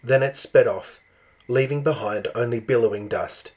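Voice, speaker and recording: A man reading a children's picture book aloud in a slow, expressive storytelling manner. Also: mid-range voice. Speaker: storybook reader.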